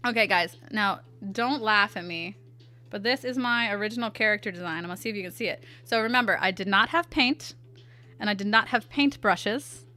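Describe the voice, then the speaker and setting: A woman's voice: mid-range voice, fairly quick, bright, forceful tone, soft background music. A young woman chatting playfully with her live chat as she draws, answering them aloud. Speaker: artist streamer. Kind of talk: casual livestream chat while drawing.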